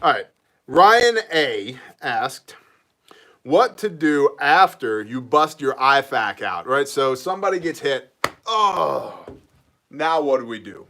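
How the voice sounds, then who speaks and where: A man hosting a casual livestream, reading out viewer comments and greeting people with quick jokes. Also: mid-range voice, sharp tone. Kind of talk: casual live chat.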